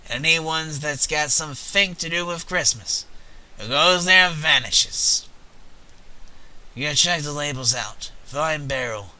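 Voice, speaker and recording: A man voicing a gruff little male snow imp in a video game, with slangy, ungrammatical speech and a breathy, half-whispered delivery. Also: on the high side, unhurried, bright, forceful tone, rough recording. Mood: urging. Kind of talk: game dialogue read aloud in character.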